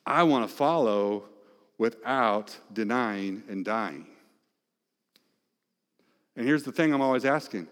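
A man preaching a sermon as pastor, moving between loud, emphatic passages and hushed, near-whispered ones. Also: mid-range voice, expressive, slow, long pauses. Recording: long reverb of a large hall.

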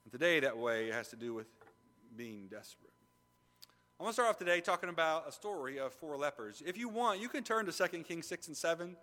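A middle-aged male pastor preaching with animated force, rising to loud emphasis and dropping to hushed asides. His voice is bright and fairly high for a man. It rings out with the long reverb of a large hall. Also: brisk. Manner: asks the congregation questions. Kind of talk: sermon.

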